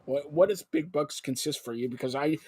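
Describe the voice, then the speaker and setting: A male host on a live sports talk show, excitable and jumping between topics with loud outbursts. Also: fairly high pitch, brisk, husky, no room sound.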